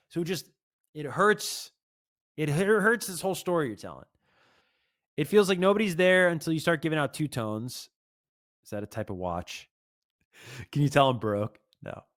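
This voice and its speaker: Brief: man in casual commentary, chatty, slangy, animated, pitch a touch high. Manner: chatty, full of "like" and "bro", reads lyrics aloud. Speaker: music reaction video host.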